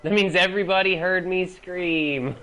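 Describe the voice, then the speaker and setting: A man's voice: sits high, moderate pace, bright, forceful tone, slight background noise. A young man giving casual gameplay commentary as he plays, swearing a lot and shrieking when he is startled. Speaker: gaming video host.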